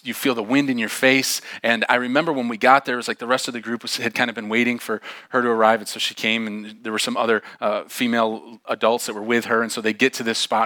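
A male pastor tells a story from the pulpit in an easygoing, chatty way, slipping into livelier voices for the people in it. His tone is bright and forceful, and the sound is close and dry. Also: mid-range voice, no echo. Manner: animated, acts out dialogue in raised voices; casual and conversational with frequent fillers. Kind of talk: storytelling sermon.

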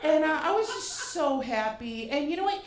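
A high-voiced woman from Boston tells a comic personal story, animated and full of profane, self-mocking asides. Her voice rings through a roomy venue with a noticeable echo. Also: moderate pace.

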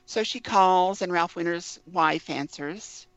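A woman's voice: lowish voice, slow pace, dry recording. A woman guest in a casual interview, telling an anecdote and acting out the quoted dialogue. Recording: dull lo-fi, dry sound.

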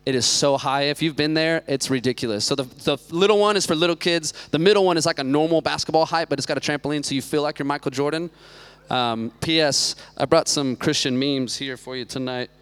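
A man's voice: on the high side, a little fast, fairly bright tone, smooth. A man in his thirties giving a casual, chatty sermon with lots of joking asides, speaking as a church youth pastor. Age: 30s.

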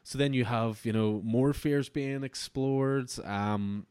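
A man's voice: fairly low pitch, steady tone, a little slow, few pauses, a little mellow, clean tone, no room sound. A man hosting a comic book podcast, talking through an issue in an enthusiastic, rambling way with frequent restarts. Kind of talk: casual review chat.

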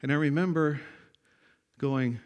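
A man's voice: a little high, a little slow, smooth. Folksy older man preaching with stories. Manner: folksy storytelling, swings from hushed to loud. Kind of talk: sermon.

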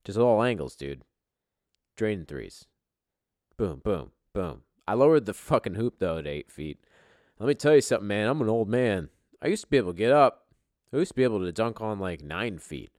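A man hosting a podcast in casual, profane banter, excitable and swearing, with sudden jumps in volume. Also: on the low side, normal speed, dry recording, studio quality. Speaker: podcast host.

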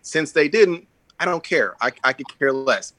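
Bright-voiced opinionated podcast man. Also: fairly high pitch, animated, normal speed. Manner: opinionated, repeats "I think", many fillers. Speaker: podcast co-host. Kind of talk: casual sports chat.

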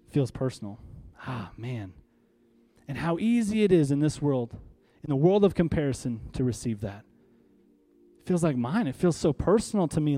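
A man's voice: on the high side, mellow. A man preaching a sermon, leading the congregation in call-and-response and building to emphatic, rallying peaks. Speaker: pastor. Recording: faint music behind.

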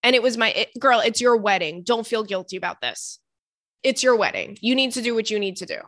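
A young woman talks casually through listener letters in a bright, slightly high voice. She is chatty and swears freely. The sound is dry and close, with no room around her. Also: sing-song, fairly quick, no room sound. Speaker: podcast host reading listener letters. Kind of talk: casual chat.

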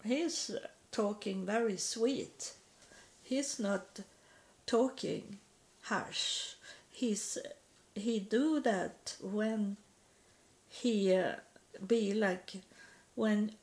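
A woman tells her religious testimony in English at an unhurried pace. Her voice has a gravelly fry, and she stops and repeats words often, with broken grammar. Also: medium pitch, a little mellow. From Sweden.

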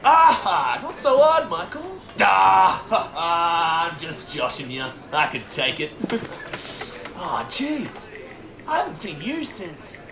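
An actor with an Irish accent playing a loud, teasing male restaurant owner in a comedy sketch, laughing and mocking. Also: sits high, sing-song, slow, gravelly, a crowd in the background, exaggerated voice. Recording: roomy echo.

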